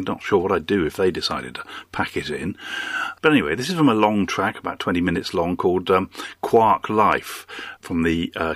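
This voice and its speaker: A man hosting a radio show, talking loosely with many pauses and a dry, offhand manner. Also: sits low, a bit bright, no echo. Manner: dry, rambling, lots of uhs. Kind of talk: casual radio presenting.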